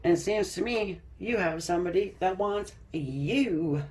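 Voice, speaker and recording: A woman's voice: fairly low pitch, animated, a little slow, a little mellow. A woman giving a casual tarot card reading, chatty and loose, laughing often and restarting her sentences. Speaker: tarot reader.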